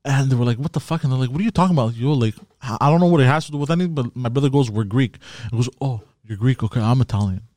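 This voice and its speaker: A man's voice: mid-range voice, racing, darkish tone, no room sound, clean studio sound. A man co-hosting a casual podcast, telling a long story with restarts, fillers and swearing. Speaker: podcast co-host.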